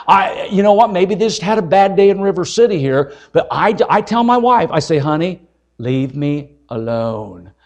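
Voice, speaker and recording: A man's voice: sits high, a little fast, hardly any pauses. An older man, an evangelist, preaching a folksy, joking and emphatic sermon.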